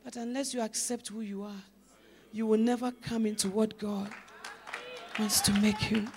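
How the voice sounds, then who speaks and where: A woman preaching a sermon as a pastor's wife, swinging from loud, emphatic exhortation to low, musing questions. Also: lively intonation, moderate pace.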